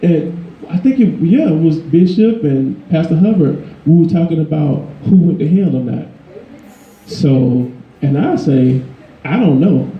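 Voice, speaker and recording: A man's voice: expressive, measured pace, narrow, tinny audio. Emphatic preaching man in echoey church. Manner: conversational, emphatic, rising in pitch for emphasis. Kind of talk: sermon.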